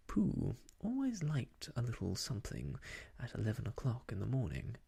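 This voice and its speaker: A storyteller reading an old children's book aloud in whispered role-play, slow and soft. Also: medium pitch, wildly swooping pitch, vocal fry, husky.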